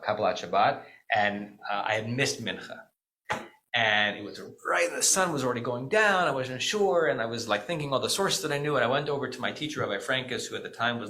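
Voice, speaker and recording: A middle-aged American rabbi gives a Shabbat teaching in a bright, forceful voice at a middle pitch. He talks conversationally, often stopping to check in with "right?" and correcting himself mid-sentence. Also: rough recording. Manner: conversational, frequent "right?" asides and self-corrections.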